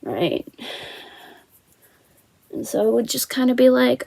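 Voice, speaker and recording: A woman's voice: fairly high pitch, sing-song, takes it slowly, gravelly, pauses often, darkish tone, no echo, rough recording. A young woman vlogger telling a personal story casually and candidly, swearing now and then and acting out the dialogue.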